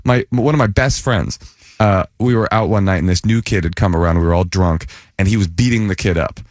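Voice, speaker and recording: Low-voiced male comedian telling a story. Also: a little fast, no room sound, studio quality. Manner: animated, jumps up in pitch when acting out quoted voices. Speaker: comedian guest. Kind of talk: comic storytelling in a radio interview. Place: radio studio.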